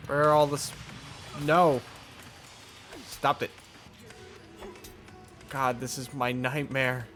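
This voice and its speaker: A man's voice: medium pitch, level tone, takes it slowly, a bit bright, soft background music. A man hosting a gaming channel, giving sarcastic, wry commentary over his own gameplay.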